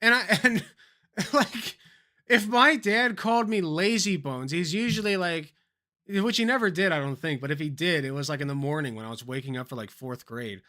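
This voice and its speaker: A man's voice: a little high, moderate pace, bright, forceful tone. A man streaming live reactions to clips, exasperated and theatrical, swearing through long rants.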